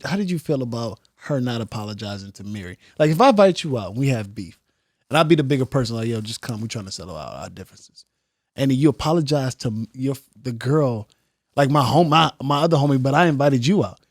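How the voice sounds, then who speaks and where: A man's voice: mid-range voice, no room sound, studio quality. A man co-hosting a podcast, telling the story of a reality-TV scene in casual slang and acting out quoted lines. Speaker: podcast co-host. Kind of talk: casual reality-TV recap chat.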